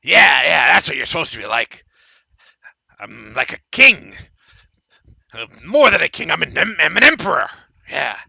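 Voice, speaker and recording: A man voicing a boastful, paranoid, excitable male halfling who brags and stammers. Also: on the high side, gravelly, husky, no room sound, voice pushed up, full character voice. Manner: bragging, fast, stammering.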